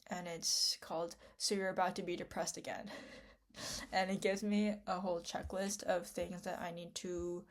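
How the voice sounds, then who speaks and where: A young woman talking through an unedited vlog ramble, her voice gravelly and sitting a little low. She trails off, restarts and fills the gaps with likes and ums, and she sounds tearful from crying. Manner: rambling, self-interrupting, many fillers. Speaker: vlogger.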